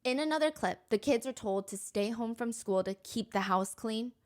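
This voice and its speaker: A woman's voice: on the high side, expressive, normal speed, a little mellow. A woman narrating a true-crime podcast in an earnest, openly judgmental way as she describes video clips. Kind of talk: scripted narration.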